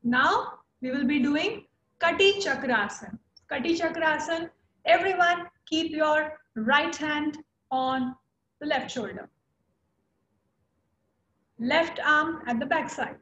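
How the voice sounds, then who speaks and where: Young Indian-accented woman as encouraging yoga teacher, slow-paced, recorded in a roomy space. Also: high voice, a bit bright, dull audio, slight background noise. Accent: Indian English. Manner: encouraging, coaching by name, slow cues. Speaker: yoga instructor. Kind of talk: live online chair yoga class.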